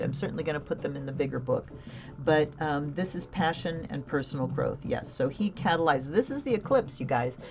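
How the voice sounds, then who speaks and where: Low-pitched woman, chatty tarot livestream host, dull lo-fi audio, music playing behind. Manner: chatty, laughing often, answering viewer comments. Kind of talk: casual live tarot reading.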